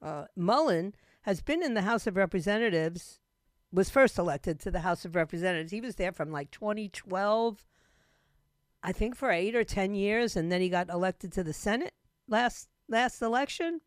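A woman hosting a talk radio show with a scratchy throat, retelling news in an animated way with laughing asides. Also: mid-range voice, moderate pace, no room sound, clean studio sound.

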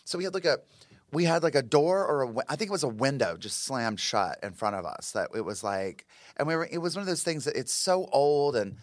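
A man spins a rambling, animated tale as a podcast guest, his speech packed with "like" and quick restarts. His voice sits at a middling pitch. The recording is dry, with little room sound. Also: dry recording. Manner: animated, chatty, lots of "like" and restarts. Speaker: podcast guest, comedian and actor. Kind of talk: casual storytelling chat.

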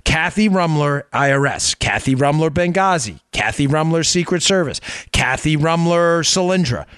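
A man's voice: fairly high pitch, lively intonation, moderate pace, fairly bright tone, clean tone, no echo, clean studio sound. A middle-aged man hosting a political commentary podcast, talking in an emphatic, incredulous way and repeating his points for effect. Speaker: podcast host.

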